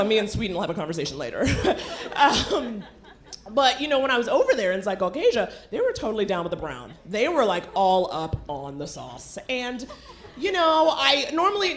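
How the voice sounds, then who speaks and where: A woman on a comedy club stage delivering stand-up in a brash, animated way. Her voice sits a little high and swings widely in pitch as she punches her lines. She swears freely. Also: normal speed.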